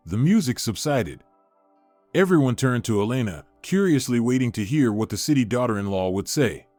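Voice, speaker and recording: A man narrating a dramatic story in a measured, scripted reading. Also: mid-range voice, sing-song, a little mellow, dry recording. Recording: dry close recording with faint music.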